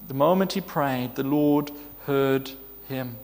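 A man's voice: a little high, takes it slowly, big-room sound. A man preaching a sermon, earnest and emphatic, reading scripture and pleading with rhetorical questions.

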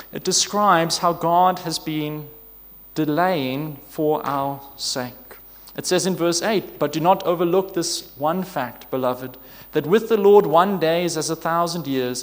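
Preacher, male, high-pitched, earnest sermon delivery with pleading questions, long hall reverb. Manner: earnest, building to emphatic pleas and rhetorical questions.

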